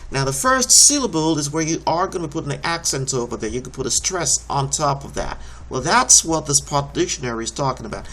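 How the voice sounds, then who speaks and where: A man's voice: fairly high pitch, big pitch swings, brisk, hardly any pauses, pushed and bright. A man teaching a recorded homeschool lesson, explaining each step patiently and encouragingly.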